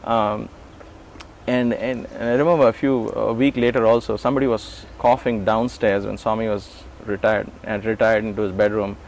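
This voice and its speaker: A fairly low-pitched man in his forties, talking at a moderate pace with a little hiss or hum in the recording, tells stories from his past in an interview. He performs the dialogue of the people he quotes, laughing and starting over at times.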